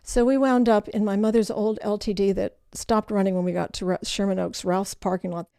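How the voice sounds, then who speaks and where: An older woman, the guest in an interview, telling her life story in an animated way and acting out the voices of people in it. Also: mid-range voice, brisk, creaky, clean tone, no room sound, clean studio sound. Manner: animated storyteller who acts out quoted voices.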